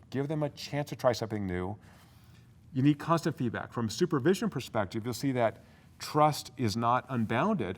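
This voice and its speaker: A man giving a university business lecture as a guest speaker, energetic and fast-talking, full of asides and rhetorical questions. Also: medium pitch.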